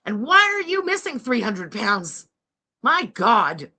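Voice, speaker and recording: Woman in her 40s, livestream reaction host, high bright voice, loud, profane, mocking. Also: very animated, slow pace.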